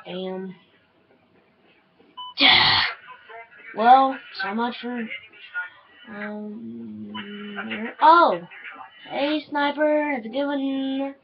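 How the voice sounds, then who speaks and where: A young woman commentating her own shooter gameplay, swinging between easy chatter and yelling and swearing at other players. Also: fairly high pitch, drawn-out words, gravelly, long pauses. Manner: excitable, yelling and swearing at opponents. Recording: dull lo-fi sound.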